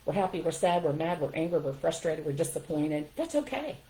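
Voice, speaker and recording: A woman's voice: sits low, sing-song, brisk, dark tone, rough recording. An older woman giving firm, emphatic parenting advice straight to her viewers in a casual livestream talk.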